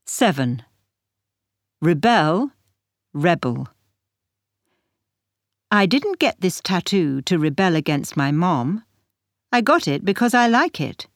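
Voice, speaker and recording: A woman reading textbook example sentences for a pronunciation lesson, with slow, careful enunciation. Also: lowish voice, big pitch swings, dry recording, clean studio sound. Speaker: textbook audio reader.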